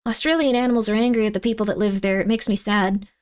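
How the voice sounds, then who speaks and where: A woman streaming live, chatting casually and rambling in exasperated disbelief, her voice often jumping up in pitch. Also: steady tone, fast talker, clear, resonant tone.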